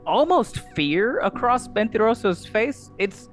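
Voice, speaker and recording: A man narrating a tabletop game as dungeon master, in a playful, animated way. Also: high voice, a little slow. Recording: music underneath.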